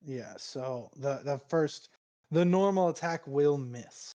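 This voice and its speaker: A man running a tabletop game as game master, narrating with frequent laughs and halting restarts. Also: fairly high pitch, dark tone.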